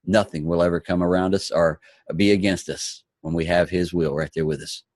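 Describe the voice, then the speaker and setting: A man in his forties hosts a morning motivation show, upbeat and encouraging. His voice is very deep. The sound is dry and close, with no room in it. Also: fairly even intonation, fairly quick, a little mellow, no echo. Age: 40s. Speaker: host. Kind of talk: motivational talk.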